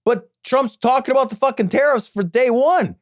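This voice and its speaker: A man's voice: extremely high pitch, moderate pace, no room sound, studio quality. A man co-hosting a podcast, talking politics in a heated, crude and sarcastic way. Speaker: podcast co-host. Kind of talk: casual political chat.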